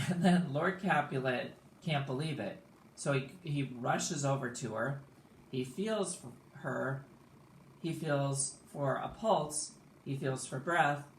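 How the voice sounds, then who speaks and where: A man teaching, casually explaining a play scene by scene with relaxed fillers. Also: mid-range voice, slow, slight background noise. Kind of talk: lesson recap of a play. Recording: echoey room.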